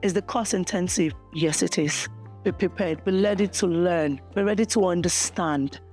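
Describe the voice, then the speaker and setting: A woman's voice: fairly low pitch, normal speed, a little mellow, soft background music. A Nigerian woman, a student teacher from Nigeria, speaking emphatically in a casual interview and repeating phrases for effect.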